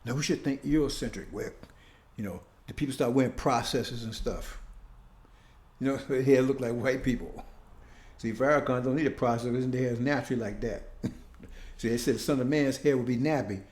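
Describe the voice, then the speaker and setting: This informal preacher talks fairly quickly in a medium pitch with a darkish tone, his voice echoing around the room. Conversational throughout, he keeps asking his listeners "see?".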